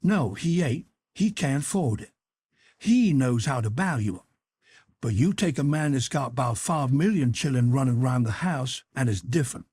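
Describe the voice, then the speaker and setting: Storybook figure: a stubborn, folksy grown man, read by a man, husky and dry. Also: mid-range voice, darkish tone, no room sound. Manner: dialect-heavy, insistent arguing.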